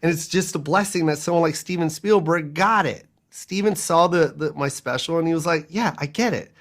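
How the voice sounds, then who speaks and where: A man chatting as an interview guest, a comedian who tells his stories in animated bursts and laughs often. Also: fairly high pitch. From United States. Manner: animated, laughs often, fast storytelling asides. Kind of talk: casual interview chat.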